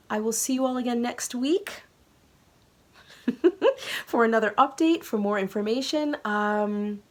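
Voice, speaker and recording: Woman, knitting vlog host; earnest, chatty, emotional, lots of ums, middle pitch. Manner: warm, earnest and emotional, with many ums and soft laughs. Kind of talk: casual chat to camera.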